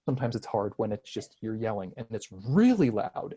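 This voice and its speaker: Man, 30s, podcast guest: mellow, warm tone, rambling and reflective, self-deprecating. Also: mid-range voice, very animated, moderate pace, breathy edge. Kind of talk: casual conversational interview.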